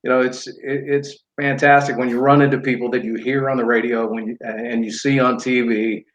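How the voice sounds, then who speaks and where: A middle-aged man, a guest sportscaster chatting modestly, halting and restarting often. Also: mid-range voice, little pitch movement. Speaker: guest play-by-play broadcaster. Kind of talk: casual podcast chat. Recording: roomy, dull remote audio.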